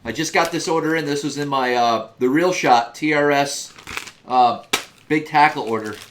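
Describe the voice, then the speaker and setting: A man's voice: fairly high pitch, normal speed, a bit bright, slight background noise. A man chiming in as co-host with brief, casual remarks.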